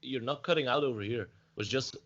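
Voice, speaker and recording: Brief: male co-host, bright and forceful, joking, dull lo-fi call audio. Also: mid-range voice, fast. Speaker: podcast co-host. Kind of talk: casual chat over a call. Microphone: mounted desk microphone.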